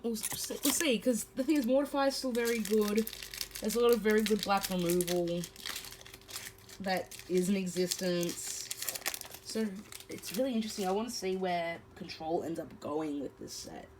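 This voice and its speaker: Against a noisy background, a woman hosts a card-opening video at normal speed in a mid-range voice. She reads out card text and follows each one with casual chatter sprinkled with fillers.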